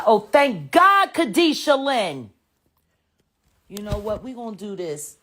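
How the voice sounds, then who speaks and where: A middle-aged woman giving a heated, profane live stream rant that swings between sharp insults and weary muttering. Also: medium pitch, sing-song, takes it slowly, pauses often.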